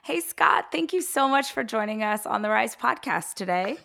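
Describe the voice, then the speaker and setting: A woman's voice: on the high side, expressive, normal speed, vocal fry, bright, forceful tone, no echo, studio quality. A woman hosting a podcast interview, who is losing her voice and introduces her guest with upbeat enthusiasm. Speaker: podcast host.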